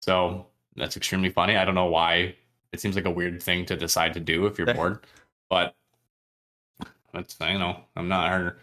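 Chatty man recapping a book, low voice. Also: flat delivery, moderate pace, pushed and bright. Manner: chatty, laughs often, acts out characters' lines. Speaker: podcast co-host. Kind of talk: casual book recap chat.

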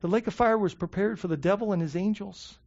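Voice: mid-range voice, fast, a little mellow, highs cut off. A pastor preaching a sermon, emphatic, often repeating words and checking in with the congregation.

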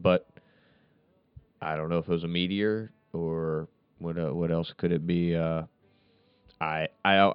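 A man's voice: low-pitched, clean tone, no echo. A man in casual chat with blunt, crude, teasing banter. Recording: dull lo-fi sound, dry.

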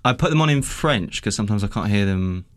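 A man's voice: lowish voice, lively intonation, fast talker. A young man from London, a stand-up comedian, chatting casually and telling stories with many hesitations and restarts. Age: young adult. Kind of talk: casual chat.

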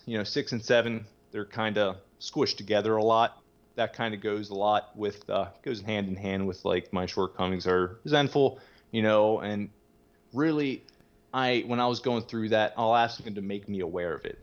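A man's voice: fairly low pitch, normal speed. A young man in recovery telling his story in a candid, rambling way, full of "you know" and casual swearing. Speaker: guest in recovery. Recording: muffled lo-fi audio.

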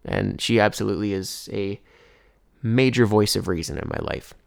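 A man's voice: lowish voice, moderate pace, gravelly. A young man telling a rambling story to his viewers, casual and full of fillers. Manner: rambling, filler-heavy, keeps saying "anyways". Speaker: vlogger.

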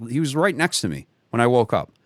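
A man at an ordinary pitch recounts a personal story in easy, casual conversation. He rambles, restarts sentences and breaks off with small chuckles. The sound is dry and close, with little room around it. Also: big pitch swings, fast, dry recording. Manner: rambling, many restarts and self-corrections; chuckles often while telling the story. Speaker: guest.

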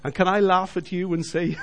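Middle-aged guy sharing his faith story, kinda higher voice, earnest and direct. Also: a bit bright. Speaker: Christian businessman giving testimony. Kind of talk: personal faith testimony.

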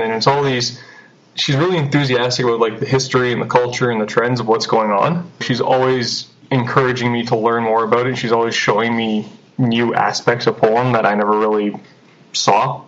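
A man's voice: medium pitch, level tone, brisk. A young man chatting as an interview guest, laughing often and acting out quotes. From Canada. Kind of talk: casual interview chat. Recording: dull lo-fi recording.

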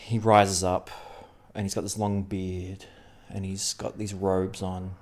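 A man with a fairly low voice, making up a comic story for his co-host. He rambles, trails off and breaks into frequent laughter. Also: flat delivery, takes it slowly, darkish tone. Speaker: podcast co-host running an improvised story. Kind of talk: improvised comedic storytelling.

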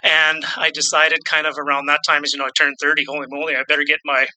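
A man's voice: fairly high pitch, flat delivery, fast, bright, forceful tone, poor audio. A Canadian man in his fifties, a real estate investor speaking as an interview guest, rambling and self-deprecating, often repeating his words. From Saskatchewan, Canada. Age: 50s. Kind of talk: casual interview conversation.

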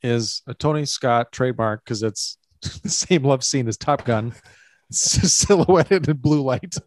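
A man's voice: mid-range voice, unhurried, no room sound, clean studio sound. A man co-hosting a podcast, chatting casually about a film and laughing often. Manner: laid-back, laughs often. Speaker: podcast co-host. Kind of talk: casual movie chat.

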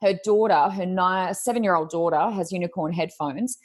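Animated woman telling a funny story. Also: on the low side, normal speed. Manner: lively, laughing, mimics others' voices in quotes. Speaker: podcast guest. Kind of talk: casual chat, animated storytelling.

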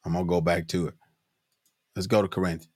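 A man's voice: flat delivery, fast, a little mellow, no room sound, studio quality. A man preaching a sermon with fervor, calling out "glory" and asking "hmm?" between scripture readings. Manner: fervent, repeats "glory be to God" and "hmm?", pitch climbs when stirred.

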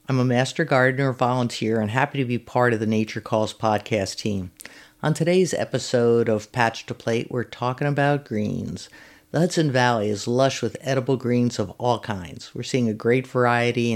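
Master gardener lady walking you thru greens recipes, friendly and instructive, reads it off a script. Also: extremely low pitch. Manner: friendly, instructive, recipe steps read at an easy pace. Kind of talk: scripted cooking and gardening segment.

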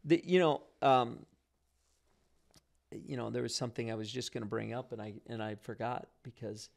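Speaking at a moderate pace with some vocal fry, this man has a medium-pitched voice. He tells lively, informal stories about prayer and faith, frequently starting over mid-thought.

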